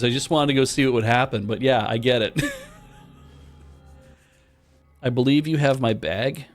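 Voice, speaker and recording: Streamer guy reading game text out loud, casual, mid pitch voice, faint music under it. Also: normal speed. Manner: reads game text aloud, bursts into loud surprised swearing. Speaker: streamer playing a modded game. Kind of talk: casual gameplay commentary.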